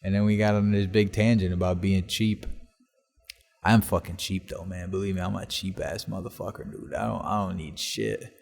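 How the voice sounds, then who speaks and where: Foul-mouthed rambling man, lowish voice. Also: steady tone, normal speed, vocal fry, a little mellow. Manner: profane, rambling, swears constantly. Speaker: podcast host. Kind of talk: casual solo storytelling. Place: basement workshop in an old house. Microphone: laptop recording.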